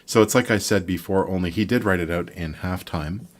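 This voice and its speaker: An older man from Montreal giving a relaxed, rambling online guitar lesson, counting beats and scatting rhythms aloud. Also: low-pitched, a little fast. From Montreal, Quebec, Canada. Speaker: guitar teacher.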